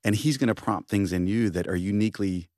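A man's voice: on the low side, fairly quick, darkish tone, dry recording, studio quality. A middle-aged man speaking earnestly and passionately as a guest on a faith podcast. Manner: earnest, passionate, self-reflective.

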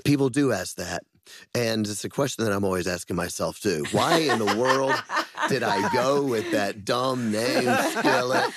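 A man's voice: on the low side, moderate pace, a bit bright. A man in his forties, a rock band front man, talking as an interview guest with self-deprecating humor and frequent laughter. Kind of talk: casual interview.

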